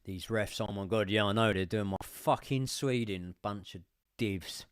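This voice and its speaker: A young man giving sweary live commentary as a football fan on a watchalong stream, swinging from muttering to shouting. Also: fairly low pitch, normal speed, clean tone, dry recording, studio quality.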